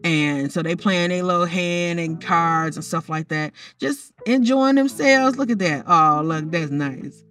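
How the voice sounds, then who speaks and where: A woman's voice: fairly low pitch, unhurried, few pauses, a bit bright, distant mic, faint music behind. Chatty woman narrating from off-mic. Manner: chatty, teasing, talks straight to the characters. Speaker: narrator of a life-simulation story. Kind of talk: casual commentary over gameplay footage.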